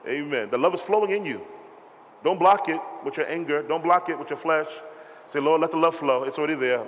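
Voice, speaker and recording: A man delivers a spirited sermon, tossing questions for the congregation to answer back. His voice sits a little high, and it echoes through a large church hall over a faint hum of ambience. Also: a little fast, muffled recording. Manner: animated preaching with call-and-response. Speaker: pastor. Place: church sanctuary.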